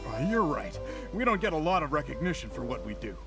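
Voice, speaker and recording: An actor voicing a bored, plodding male castle guard pony with a flat, matter-of-fact manner, in a cartoon. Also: on the high side, fast, gravelly, over music. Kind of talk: cartoon voice acting.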